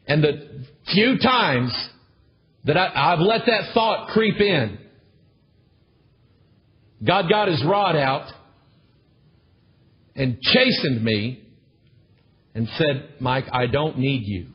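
Husky preacher pressing his point. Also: fairly high pitch, very animated, very slow, long pauses. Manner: emphatic, repetitive, calls for amens. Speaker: pastor. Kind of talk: sermon. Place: church with a congregation. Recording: dull lo-fi recording.

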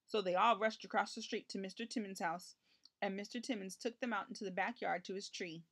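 A woman reading a children's picture book aloud in an expressive storytelling manner. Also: medium pitch, fairly quick.

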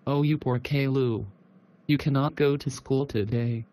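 A synthetic male text-to-speech voice playing a fussy, gullible mother in a cartoon, with a flat, even delivery. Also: mid-range voice, measured pace, natural voice. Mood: concerned.

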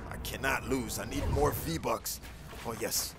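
A man narrating his own gameplay as a melodramatic skit, pepping himself up and swinging between hushed worry and shouting. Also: medium pitch, steady tone, a little slow, heavy background noise. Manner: over-the-top dramatic self pep talk, swinging from hushed to shouting. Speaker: gaming YouTuber. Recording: roomy sound with music behind.

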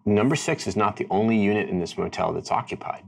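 A man's voice: on the low side, animated, creaky. A man narrating a tabletop role-playing game as game master, wry and descriptive. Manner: descriptive, wry, unhurried storytelling.

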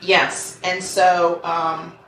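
A woman's voice: on the low side, little pitch movement, extremely slow, fairly bright tone. A woman co-hosting a podcast, telling a true crime story in casual chat, reading quotes aloud with sarcastic asides. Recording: echoey room, mic at a distance, faint noise.

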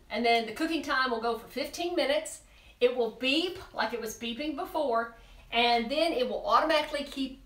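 A woman's voice: a little high, fairly bright tone, reverberant. A woman hosting a live cooking demonstration, chatty and bubbly as she talks straight to her viewers in a kitchen. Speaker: cooking show host.

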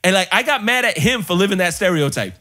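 A man from Colombia with a high voice that swoops up and down as he tells stories. He talks casually and swears freely. His delivery is animated, like a loose podcast chat among friends. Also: fast. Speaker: podcast co-host.

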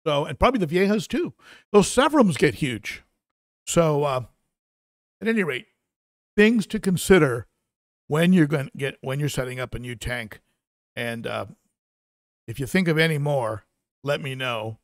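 A man's voice: a little high, expressive, normal speed, long pauses, no room sound, studio quality. A man hosting a live stream, chatting casually and reading out viewer comments, with lots of fillers and restarts. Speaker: aquarium channel host.

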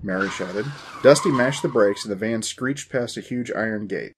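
A man's voice: fairly low pitch, normal speed, background noise. A man in his forties hosting a story podcast, reading the narration in a dry, wry manner.

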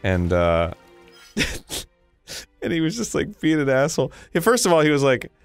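A man's voice: wildly swooping pitch, moderate pace, clean tone, no echo. Guy in his 30s doing let's play banter, voice bounces all over, faint music under it. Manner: playful, jumps into loud squeaky bits. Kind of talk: casual gaming banter.

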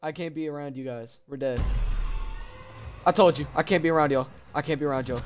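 A young man streaming a horror game, talking in casual slang and switching from low mutters to sudden yelps. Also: fairly quick, soft background music. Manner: animated, slangy, jumps from mumbles to yelps. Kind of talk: live horror game commentary.

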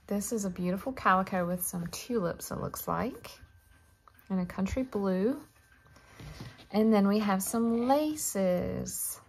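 A woman's voice: mid-range voice, takes it slowly, creaky, a little hiss or hum. Woman, crafting vlogger, casual show-and-tell, gushing, chatty. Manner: gushing, chatty, addresses viewers as y'all.

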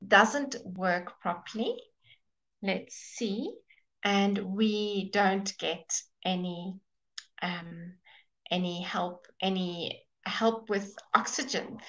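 A woman teaching a live online English class, explaining slowly and patiently and sounding out of breath. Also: mid-range voice, fairly bright tone, dull audio. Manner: slow, explaining patiently, with fillers and restarts. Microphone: webcam or computer mic.

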